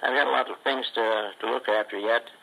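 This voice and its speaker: A man's voice: medium pitch, fairly even intonation, a little fast, gravelly, pushed and bright, rough recording. An older man rambling in a folksy recorded letter. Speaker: ventriloquist.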